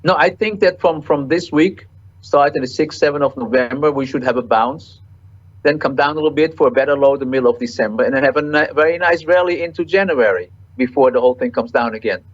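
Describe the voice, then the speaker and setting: A man being interviewed as a market cycle analyst, answering in halting sentences with repeated words and many fillers. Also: a little high, muffled recording.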